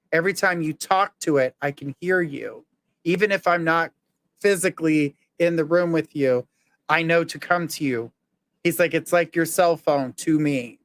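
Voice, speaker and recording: A man's voice: fairly high pitch, a bit bright. A man hosting a live psychic reading, earnestly relaying messages and reassurance. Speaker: psychic medium host.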